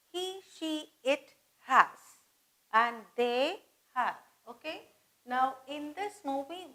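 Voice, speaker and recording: Slow, high-voiced woman teaching grammar. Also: bright, forceful tone, rough recording. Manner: slow, patient, repeats and spells out words. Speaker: English teacher. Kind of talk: grammar lesson.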